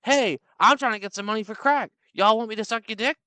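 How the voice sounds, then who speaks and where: A man voicing a brash woman who begs for money from the back seat of a car, loud, blunt and pleading. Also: high-pitched, quick pace, clean tone, dry recording, voice pushed up.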